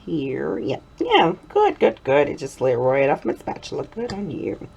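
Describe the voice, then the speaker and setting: With a low, vocal-fried voice and a slightly slow pace, a middle-aged woman hosts a soap-making video in her home workshop, with slight background noise. Her talk is casual crafting chatter, full of giggles and rambling asides, drifting into a playful Southern drawl whenever she's excited.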